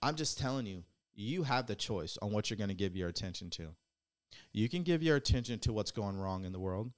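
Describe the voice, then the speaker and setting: A man's voice: lowish voice, expressive, fairly quick. Man, podcast host, motivational monologue, blunt, preachy, casual swearing, rhetorical questions.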